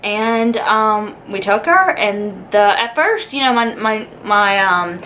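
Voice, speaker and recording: A young woman with a drawl tells a story straight to camera in a vlog. She rambles, with plenty of "like" and "um". Her voice sits at an ordinary middle pitch, with a faint hiss underneath. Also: animated, slow, pushed and bright, poor audio. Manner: chatty and rambling, lots of "like" and "um". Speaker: vlogger.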